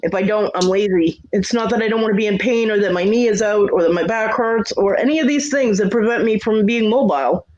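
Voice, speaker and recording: A man's voice: high voice, fairly quick, few pauses, darkish tone. A man hosting a casual livestream chat, venting in a profane, aggrieved way. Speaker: livestream host. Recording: dull lo-fi stream audio.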